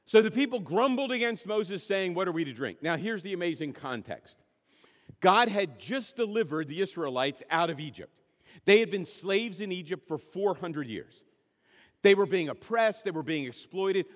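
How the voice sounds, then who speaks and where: Man, pastor, emphatic sermon, lively high voice, long hall reverb. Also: moderate pace. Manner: emphatic preaching, repeating key words.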